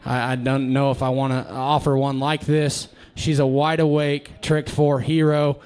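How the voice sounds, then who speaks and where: A man presenting his pigs at a ringside livestock sale in a tent, casual and halting with many fillers and restarts. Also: medium pitch, completely flat delivery, darkish tone, clear, resonant tone.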